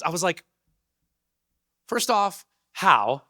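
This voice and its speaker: A man, a convention panel guest, telling a story to an audience in an animated, laughing way full of slang. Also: mid-range voice, fairly quick, dry recording, studio quality.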